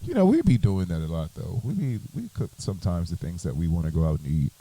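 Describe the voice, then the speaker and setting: A man co-hosting a podcast in casual chat, with a relaxed, playful, drawn-out way of talking. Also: low-pitched, slightly rough, low-quality recording. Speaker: podcast co-host.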